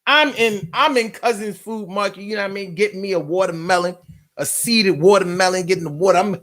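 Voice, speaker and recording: A man chats casually on a live stream, telling animated, slangy stories, repeating his phrases and reading viewer comments aloud. His voice is high-pitched and his pace brisk.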